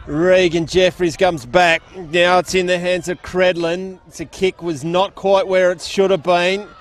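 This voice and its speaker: An Australian man calls a country football match live from an outdoor ground. His voice sits a touch high, and his commentary is chatty and folksy, full of local slang. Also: level tone, unhurried.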